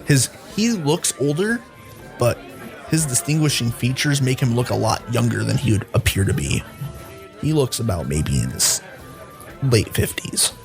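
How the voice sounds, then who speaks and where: A man's voice: mid-range voice, big pitch swings, normal speed, creaky, soft background music. A man narrating a tabletop game as dungeon master, in a casual, loose way with many fillers.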